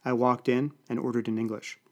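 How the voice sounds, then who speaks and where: A man's voice: medium pitch, little pitch movement, fairly quick, a little mellow. A man with a Canadian accent reading a first-person story aloud in a dry, wry way. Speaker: audiobook narrator. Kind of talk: first-person scripted narration.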